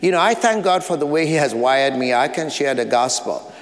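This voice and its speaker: A man's voice: fairly high pitch, expressive, fairly quick. Man, African accent, pastor, earnest sermon, repeated short phrases, reverberant church hall. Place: church sanctuary.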